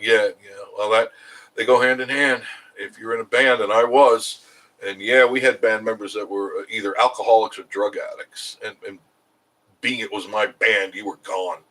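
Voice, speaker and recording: A man's voice: on the low side, bright, forceful tone, low-quality recording. Chatty middle-aged man, rambling. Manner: rambling, chuckles often, answers viewer comments. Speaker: live stream host. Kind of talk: casual live stream chat.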